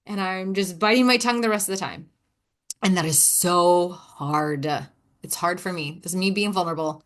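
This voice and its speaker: A woman's voice: lowish voice, a bit bright. A woman hosting a casual self-help podcast, talking candidly and self-deprecatingly, sighing, with playful sass. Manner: acts out quoted dialogue in shifting voices. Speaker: podcast host.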